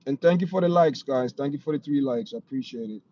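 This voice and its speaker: A Jamaican-accented man hosts a casual livestream, chatting ramblingly with viewers, repeating points and frequently saying "you know what I mean." He speaks at a quick pace in a mellow, medium-pitched voice, and the stream audio is dull and lo-fi with faint noise.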